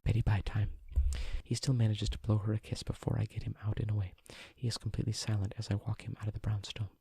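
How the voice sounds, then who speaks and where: A man reading a novel aloud as a whispered role-play, in a hushed, even manner. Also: on the low side, fast talker, vocal fry, slightly rough, no echo. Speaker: audiobook reader.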